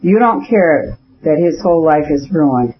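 Male narrator doing a stern, contemptuous noble husband, husky, lo-fi. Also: expressive, a little slow. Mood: cold anger. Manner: cold, contemptuous, shrill when angry. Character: cold, stern aristocratic husband, middle-aged man. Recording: dull lo-fi audiobook recording.

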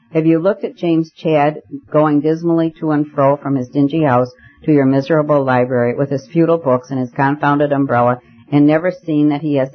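A man voicing a stern, excitable gentleman who speaks in a grave, declamatory way, on a muffled recording. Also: fairly high pitch, lightly acted.

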